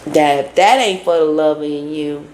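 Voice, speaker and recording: A woman's voice: low-pitched, unhurried, a little mellow, a little hiss or hum. A woman giving a casual recap of a reality show, acting out what each person said and now and then breaking into song. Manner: retells scenes acting out both sides, breaks into song. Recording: echoey room.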